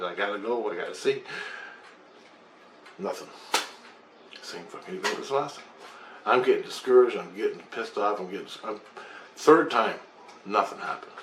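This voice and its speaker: In an echoey room with faint noise behind him, a middle-aged man vlogs about his own experience at normal speed, pausing often. His voice is fairly low and fairly bright, and his long story is rambling, intense, and profane.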